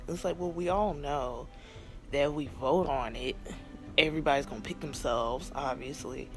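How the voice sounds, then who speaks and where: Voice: medium pitch, normal speed, faint music behind. A vlogger giving a casual, exasperated take on a TV finale, acting out the characters and laughing often. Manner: animated, exasperated, acts out scenes; frequent laughter. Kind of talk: casual TV reaction chat.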